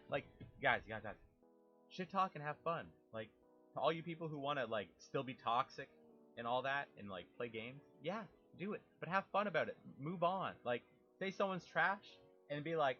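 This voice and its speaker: A young man talking casually about a video game, animated, swearing freely and imitating game sounds. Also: mid-range voice, fairly quick, soft background music. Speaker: gaming YouTuber. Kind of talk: casual rambling monologue.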